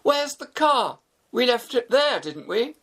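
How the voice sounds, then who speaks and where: A frantic, whiny young man, pitched well above the reader's own voice, with gravel in the tone. A man acts him out in a slow, swinging storybook reading. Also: big pitch swings, a bit bright, full character voice. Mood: panicky. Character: panicky young man, car owner.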